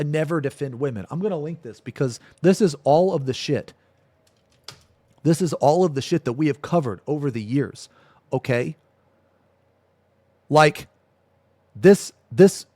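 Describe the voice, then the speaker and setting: Man, streamer, heated rant, swears a lot, repeats himself, higher voice, dry close sound. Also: darkish tone, no room sound. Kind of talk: casual live-stream rant.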